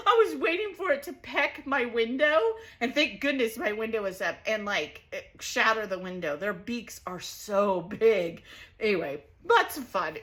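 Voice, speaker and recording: Bubbly lady chatting on her crafting vlog, laughs a lot, kinda high sharp voice. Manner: bubbly, laughs often while telling stories. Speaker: scrapbooking channel host.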